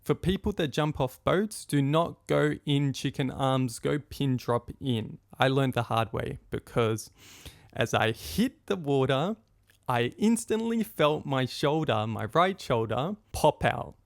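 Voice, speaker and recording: Gravelly young man telling a story. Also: medium pitch, slow pace, dry recording, studio quality. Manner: animated, acts out quotes of friends and his own past thoughts. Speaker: podcast host. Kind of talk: personal storytelling monologue.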